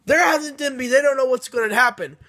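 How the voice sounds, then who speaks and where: A man with a notably high-pitched voice talks through a story recap in loose, casual fashion. He restarts his sentences often and keeps tagging them with a questioning "okay?" to check in with the listener. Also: fast, pushed and bright. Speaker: book reviewer.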